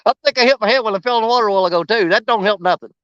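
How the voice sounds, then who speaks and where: A man with a drawl chats and jokes while fishing from a riverbank. His voice sits high and bright, and he laughs easily as he rambles. The outdoor recording sounds dry and slightly dull. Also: rapid-fire, clear, resonant tone, dry recording. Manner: joking, rambling, laughs often, folksy. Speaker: outdoor vlogger. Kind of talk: casual fishing vlog monologue.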